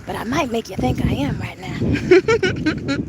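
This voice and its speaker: Brief: young woman, travel vlogger, high bright lively voice, gushing and chatty, live phone stream outside with park noise around her. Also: slow pace. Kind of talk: live-streamed walking tour. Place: outdoor lakeside park. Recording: outdoor noise, wind and ambience.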